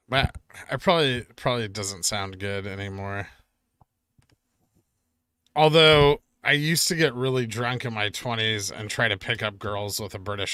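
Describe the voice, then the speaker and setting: Bright-voiced joking middle-aged man. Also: fairly low pitch, clear, resonant tone, dry recording, clean studio sound. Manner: joking, self-deprecating. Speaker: finance streamer. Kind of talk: casual live-stream chat reading comments.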